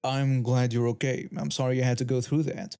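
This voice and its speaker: A man's voice: mid-range voice, level tone, a little fast, creaky, dark tone, clear, resonant tone, close to an everyday voice. A man voicing a firm, protective male bystander. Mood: kind.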